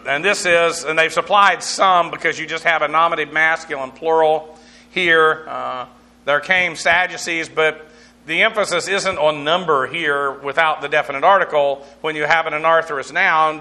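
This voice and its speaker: A man's voice: fairly high pitch, sharp tone. A man teaching through a Bible passage verse by verse, explaining Greek words and spelling them out, in a conversational way with frequent fillers.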